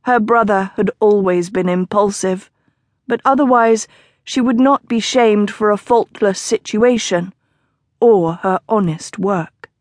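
A woman narrating a historical romance audiobook in a measured storytelling delivery. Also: medium pitch, a little mellow, no echo, clean studio sound. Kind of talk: scripted narration.

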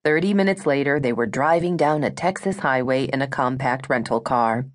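A woman narrating a romance audiobook in a smooth, measured storytelling manner. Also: rumbling low.

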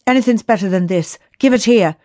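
A woman's voice: mid-range voice, brisk, darkish tone, no room sound, natural voice. A woman voicing a cheeky, impulsive young boy. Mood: demanding.

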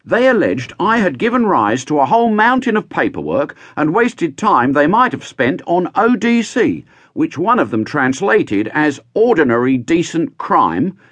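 A man's voice: fairly high pitch, a bit bright, slightly rough, no room sound, voice pushed up, exaggerated voice. An actor playing a pedantic, aggrieved man formally recounting his arrest. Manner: formal, fussy, precise wording.

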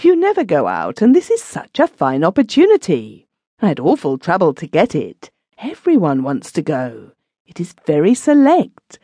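A woman's voice: fairly low pitch, mellow, breathy edge, no room sound, exaggerated voice. A woman narrator voicing a timid clerk husband who coaxes his wife and stammers when flustered. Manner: coaxing, stammering.

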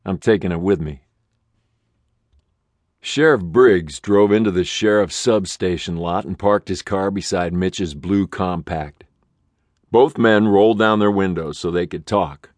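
A male audiobook narrator with a lowish voice, reading slowly and evenly. His scripted thriller narration sounds close and dry, with no room around it. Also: no room sound. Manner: slow, steady and measured.

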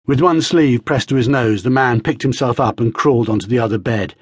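Husky guy narrating an audiobook, measured, dry close mic. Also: medium pitch, no room sound. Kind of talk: scripted narration.

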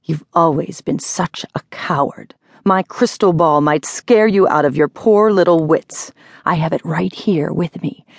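A woman narrator voicing an unhinged woman caller who mocks and threatens slowly, in a sinister tone. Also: lowish voice, dry recording, studio quality. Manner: mocking, slow and sinister.

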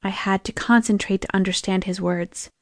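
A woman's voice: medium pitch, steady tone, moderate pace, no echo, studio quality. A young woman reading a first-person audiobook in a tense, emotive storytelling manner. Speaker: audiobook narrator.

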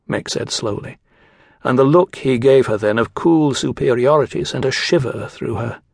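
A man narrating an audiobook in measured storytelling style. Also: mid-range voice, creaky, no room sound, clean studio sound. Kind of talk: scripted narration.

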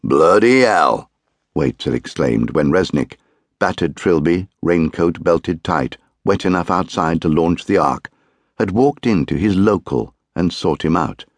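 Reading a crime novel as scripted narration, this audiobook narrator speaks in a very deep male voice, measured and deliberate with a grave weight. The mic sits close, the sound is dry, and there's no room sound at all.

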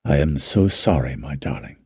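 A man voicing a calm, protective husband who speaks softly and soothingly. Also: sits low, unhurried, slightly rough, no room sound, clean studio sound, full character voice. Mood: tender. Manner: soft, gentle, soothing.

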